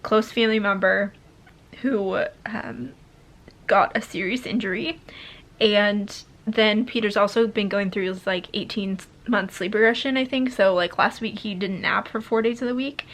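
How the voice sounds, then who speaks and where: A young woman speaking straight to her camera in a candid update, her sentences wandering and restarting with filler words. She sounds emotional, near tears at times, at an ordinary mid pitch for a woman. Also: normal speed, a bit bright. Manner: rambling, lots of "like" and restarts. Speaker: vlogger.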